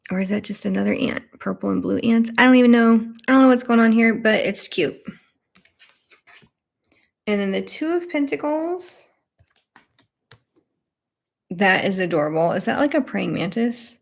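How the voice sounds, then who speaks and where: A woman's voice: medium pitch, lively intonation, moderate pace, gravelly, long pauses. Bubbly woman gushing on a live stream. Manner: bubbly, gushing over cute cards, chatting to viewers. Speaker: tarot channel host. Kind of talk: live deck flip-through chat.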